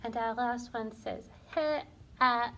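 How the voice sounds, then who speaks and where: A fairly high-voiced woman teacher leads a phonics lesson for young children at a very unhurried pace. She sounds words out piece by piece with a gravelly edge and praises often. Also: fairly bright tone, slight background noise. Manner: slow, sounding out words syllable by syllable; encouraging and praising. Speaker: primary school teacher.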